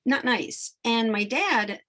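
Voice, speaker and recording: A woman's voice: a little high, lively intonation, slow, bright, forceful tone. A woman hypnotherapist chatting casually to her followers, emotional and rambling, often breaking off mid-sentence. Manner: emotional, rambling, self-interrupting. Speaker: spiritual hypnotherapist. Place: New York.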